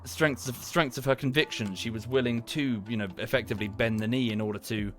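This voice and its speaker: A man's voice: mid-range voice, fairly even intonation, fairly quick, faint music behind. A man, streaming from home and ranting about a TV series in a casual, rambling way, swearing, trailing off and restarting his sentences. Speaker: livestreamer. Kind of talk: casual livestream rant.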